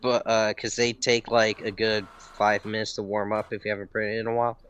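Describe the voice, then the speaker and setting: A man's voice: fairly low pitch, level tone, a little fast, a bit bright, smooth. A man, a player, rambling in laid-back casual chat before a game.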